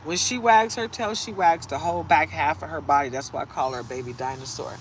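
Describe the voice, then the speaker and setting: A woman's voice: deep voice, fairly quick, a little hiss or hum. Chatty woman giving a casual tarot reading. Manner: chatty, laughing, rambling asides. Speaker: tarot reader. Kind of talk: casual live reading chat.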